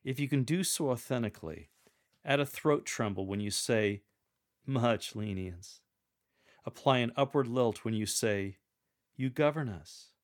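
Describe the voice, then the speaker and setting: A man speaks at a medium pitch as he coaches a lector on reading scripture aloud. His delivery is deliberate and instructive, and he performs sample readings.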